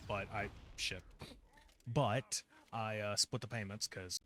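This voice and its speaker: A man's voice: fairly low pitch, steady tone, slow, sharp tone, a little hiss or hum. A man commentating his own gameplay in a casual, joking way, with swearing. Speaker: gamer in recorded video.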